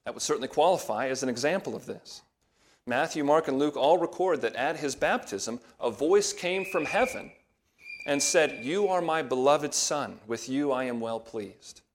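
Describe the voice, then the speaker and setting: A man delivering an expository sermon, walking his listeners through a passage verse by verse. His tone is measured and patient, rising to stress the words that carry the point. His voice sits in an ordinary middle register. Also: mid-range voice. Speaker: pastor.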